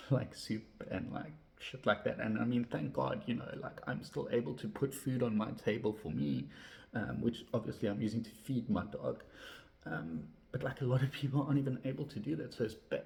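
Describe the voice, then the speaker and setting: Ranting with heat and cursing nonstop, a man speaks frankly to camera as a vlogger, his voice gravelly and darkish in tone. At times he sinks into a low, reflective register.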